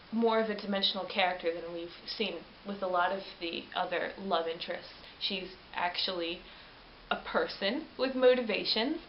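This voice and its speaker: A chatty woman vlogger rambling through a casual film review, often doubling back to correct herself. Her voice sits in a middling range and sounds lo-fi and slightly muffled. The room is echoey, with a faint hiss behind her. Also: medium pitch. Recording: roomy, dull lo-fi webcam audio with faint hiss.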